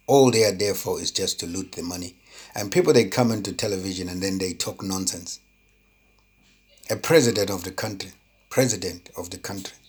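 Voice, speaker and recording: Deep voiced guy ranting his opinion, kinda husky, keeps asking does that make sense. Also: fairly bright tone. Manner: indignant, full of rhetorical questions; repeats words when heated. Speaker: political commentator. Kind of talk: impassioned opinion monologue.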